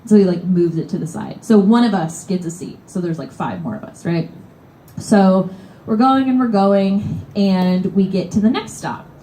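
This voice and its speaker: A woman's voice: medium pitch, moderate pace, warm tone, slight background noise. A young woman from Kentucky telling a comedic story at a live show in a bookstore cafe. She rambles and swears, with lots of "like". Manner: rambling, profane, heavy use of "like". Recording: roomy live venue sound.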